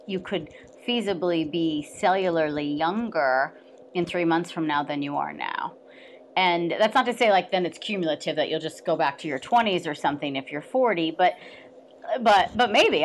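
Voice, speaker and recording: A woman's voice: on the low side, slight background noise. A woman guest explaining thoughtfully in an interview. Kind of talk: interview answer.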